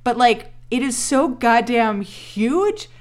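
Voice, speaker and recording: A woman in her thirties co-hosting a podcast, recapping a TV episode in casual chat, animated, swearing and laughing often. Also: a little high, takes it slowly. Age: 30s. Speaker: podcast co-host.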